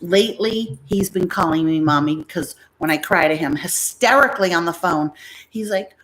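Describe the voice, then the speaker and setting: A woman's voice: lowish voice, moderate pace, a bit bright, a little hiss or hum. Chatty, rambling American woman streaming live. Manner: rambling, chatty, acts out family members' voices. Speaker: livestream host selling bags. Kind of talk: casual storytelling livestream.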